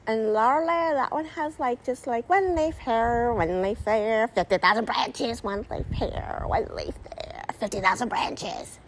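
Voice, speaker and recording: A woman's voice: on the high side, unhurried, slight background noise. A woman vlogging casually outdoors in a backyard, filling her talk with "like" and "literally" and playfully chirping bird sounds. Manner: peppers speech with "like" and "literally". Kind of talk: casual vlog chat.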